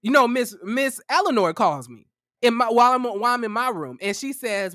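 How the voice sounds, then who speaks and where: A man's voice: very high voice, animated, fairly quick, bright, forceful tone, dry recording, studio quality. A young man in his twenties tells a personal story in a casual, profane, fired-up way. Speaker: vlogger.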